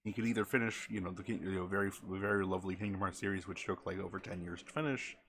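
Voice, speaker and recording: A man's voice: low-pitched, steady tone, fast talker, a bit bright. A man chatting casually as a game streamer, rambling and often correcting himself mid-sentence.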